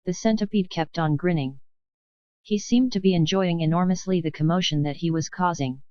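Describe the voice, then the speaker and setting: A woman reading a children's audiobook in a steady storybook narration. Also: lowish voice, normal speed, smooth, dry recording. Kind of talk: scripted narration. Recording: dull dry studio recording.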